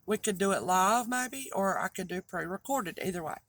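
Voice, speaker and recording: A woman's voice: mid-range voice, expressive, moderate pace, a bit bright. A middle-aged woman with a thick Southern drawl, chatting casually and rambling in a vlog to her regular viewers. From North Carolina, US. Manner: rambling, chatty, trips over words. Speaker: online reseller and host.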